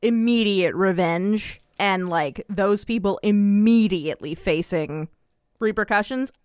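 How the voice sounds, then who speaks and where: A woman co-hosting a casual recap podcast, chatty and quick to laugh, swearing casually. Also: mid-range voice, darkish tone, smooth, no room sound, studio quality. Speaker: podcast co-host.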